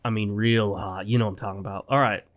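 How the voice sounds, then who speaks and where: Sounding slightly ill, a man commentates casually on his gameplay for his own channel from home, rambling, airing strong opinions and addressing viewers directly. His voice sits on the low side with fairly even intonation, and he talks fast.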